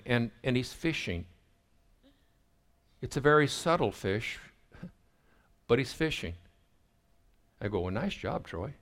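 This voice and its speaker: A middle-aged man with a somewhat low voice preaches in a storytelling manner. He acts out the quoted lines from his family life as he goes. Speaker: pastor. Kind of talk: sermon storytelling.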